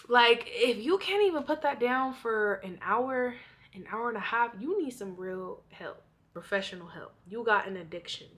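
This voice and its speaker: A woman's voice: on the high side, a bit bright. A young woman vlogger giving blunt, profane advice in a casual monologue, often out of breath.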